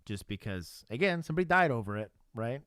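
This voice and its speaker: A former cop in his thirties co-hosts a casual livestream, telling stories bluntly and swearing as he goes. His voice sits at an ordinary pitch for a man. The sound is dry and close, with no room echo. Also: big pitch swings, a little fast, fairly bright tone, smooth. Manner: blunt storytelling with profanity and frequent laughs. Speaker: livestream co-host, former police officer.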